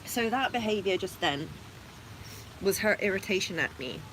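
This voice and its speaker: A woman hosting a casual vlog, talking softly and gently and cooing to her rabbits between explanations. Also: medium pitch, expressive, moderate pace, a little hiss or hum, low-quality recording. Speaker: rabbit owner and channel host. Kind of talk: casual vlog narration while tending pets.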